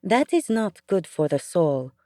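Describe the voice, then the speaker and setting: A woman voicing a kind, bustling female caretaker with an Eastern European accent, coaxing and brisk. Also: lowish voice, very animated, dark tone, no echo, clean studio sound. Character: kindly female caretaker with a foreign lilt.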